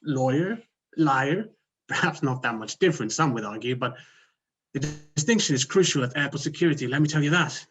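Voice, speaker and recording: Man, Swedish accent, husky, dry self-mocking humor, comedy contest speech, video call. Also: medium pitch, quick pace, a bit bright. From Sweden. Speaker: contest speaker.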